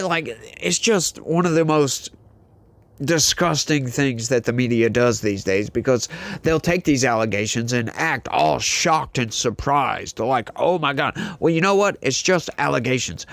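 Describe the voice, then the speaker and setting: A man's voice: mid-range voice, creaky, fairly bright tone, dry recording. Indignant male commentary host, dry sound. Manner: indignant, rhetorical, repetitive ranting. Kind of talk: reaction commentary vlog.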